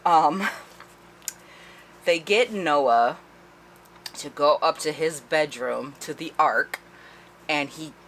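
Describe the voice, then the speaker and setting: A woman with a low voice recaps a book's plot in a loose, conversational way. She swears freely and laughs as she goes. A faint background noise sits under her voice. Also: slow, pauses often, a bit bright. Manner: chatty, profane, laughing as she retells. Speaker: book reviewer. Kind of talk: casual spoiler-filled book recap.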